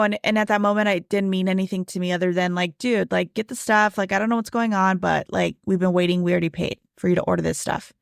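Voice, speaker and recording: A woman's voice: medium pitch, vocal fry, no room sound, studio quality. A woman in her thirties hosting her own podcast, telling a personal story in a casual, conversational way, full of "like" and "right?". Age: 30s. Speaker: podcast host.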